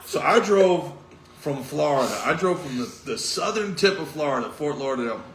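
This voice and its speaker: A man, a comedian, telling an animated road story and acting out the people in it. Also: on the high side, normal speed, roomy sound, slight background noise, rough recording. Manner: animated, acts out other voices in the story.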